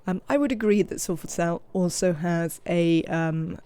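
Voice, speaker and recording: English streamer, chatty, live game play, greets chat, mid pitch. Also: unhurried, warm tone, clean tone. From England. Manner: chatty, greets viewers and scolds game characters. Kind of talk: live video game commentary.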